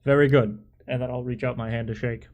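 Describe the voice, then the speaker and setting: A man's voice: medium pitch, little pitch movement, fairly quick, narrow, tinny audio. A man speaking in character as a player, stiff and formal. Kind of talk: in-character tabletop play.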